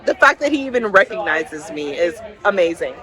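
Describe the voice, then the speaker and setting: A woman's voice: on the low side, brisk, poor audio. Chatty woman vlogging in a crowd. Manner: chatty, excited storytelling. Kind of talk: casual vlog chat. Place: busy cruise ship lounge. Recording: crowd noise.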